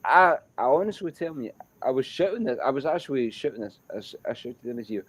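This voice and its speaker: A man with a Scottish accent telling a story in a casual chat, animated and repetitive and swearing freely. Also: mid-range voice, fast, few pauses, breathy edge, low-quality recording.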